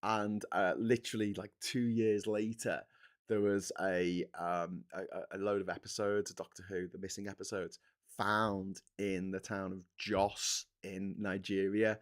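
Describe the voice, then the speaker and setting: A man with a Scouse accent hosting a casual live stream, ranting in an opinionated way with sudden loud outbursts. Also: low voice, flat delivery, a little slow. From England.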